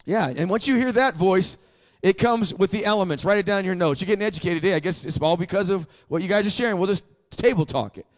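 Male pastor with a high voice, emphatic sermon delivery, call-and-response. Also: fast talker.

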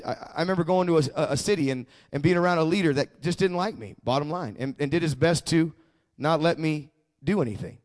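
A man with a high-pitched voice preaches a sermon as a personal story. He talks conversationally, often restarting his words. Then he presses his points with growing fervor. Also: brisk, a little mellow. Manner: conversational testimony, swelling into fervent emphasis; frequent stammered restarts. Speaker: pastor.

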